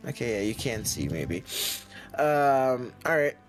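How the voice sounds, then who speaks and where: A man's voice: medium pitch, big pitch swings. A man playing a tabletop game, thinking aloud as he works out his moves. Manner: slow, thinking aloud while counting moves. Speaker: player. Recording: faint background music.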